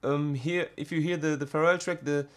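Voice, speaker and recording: A man's voice: on the high side, steady tone. Hesitant man explaining drum production. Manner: halting, many fillers and restarts. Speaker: music production tutor. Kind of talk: screen-recorded software tutorial.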